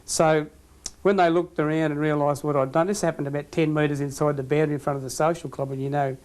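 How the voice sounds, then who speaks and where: An Australian man, a former football umpire, tells stories from the field in an interview. His voice sits a little high, and he often laughs at his own punchlines. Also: level tone, quick pace, darkish tone. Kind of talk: storytelling anecdotes in an interview.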